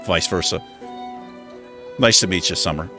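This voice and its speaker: A man's voice: deep voice, moderate pace, faint music behind. A man hosting a livestream in a casual chat, self-mocking and chuckling often as he fumbles over pronunciations. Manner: animated, struggling over pronunciation. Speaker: livestream host.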